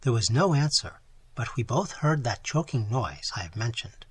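Husky, animated male audiobook narrator. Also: mid-range voice, normal speed, no echo. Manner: dramatic, animated storytelling. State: voice strained from long reading. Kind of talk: expressive audiobook reading of gothic fiction.

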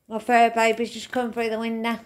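A woman's voice: on the high side, completely flat delivery, fairly quick. A woman giving a casual, rambling spiritual reading to camera, swearing often and calling the listener mate and darling. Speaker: tarot reader.

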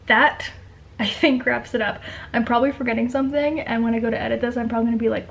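A young woman chats straight to her camera at home, rambling and laughing as she goes. Her voice sits a touch on the high side. The talk is loose and friendly. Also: fairly even intonation, fast talker, vocal fry, a bit bright, slight background noise. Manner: chatty, rambling, laughs often. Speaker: vlogger. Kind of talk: casual talking-head vlog.

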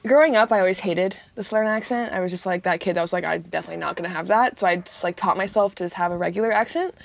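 A woman's voice: on the low side, racing, creaky. An American woman from South Carolina, a podcast guest in casual chat, bubbly and enthusiastic and laughing often.

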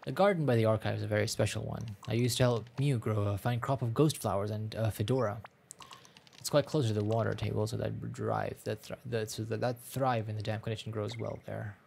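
A man's voice: fairly low pitch, steady tone, a little fast, gravelly, darkish tone, slight background noise. A man playing a wise old grandpa. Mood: gentle.

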